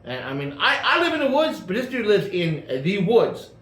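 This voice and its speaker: A high-pitched man with big pitch swings and a fairly bright tone keeps a moderate pace. As host, he casually tells a long car story, rambling with lots of fillers and restarts, in an echoey room with faint ambience.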